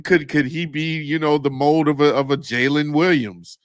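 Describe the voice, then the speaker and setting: A man's voice: fairly high pitch, fairly even intonation, normal speed, clear, resonant tone, no room sound. A man co-hosting a casual sports talk show, upbeat and hopeful as he makes his case. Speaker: sports podcast co-host.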